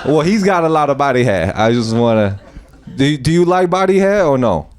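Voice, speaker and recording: A man's voice: medium pitch, big pitch swings, a little mellow. A man doing improvised stand-up, chatty and teasing, often laughing along with the crowd. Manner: chatty, teasing, quick to laugh at his own jokes. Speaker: stand-up comedian. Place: comedy club stage. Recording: live club mic with noise behind.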